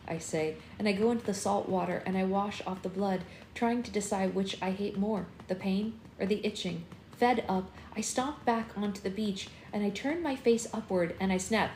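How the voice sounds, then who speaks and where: A woman's voice: medium pitch, moderate pace, hardly any pauses, darkish tone, slight background noise. A woman hosting a book club, reading a first-person novel aloud expressively and acting out the dialogue, on a phone live stream. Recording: roomy room with faint ambience.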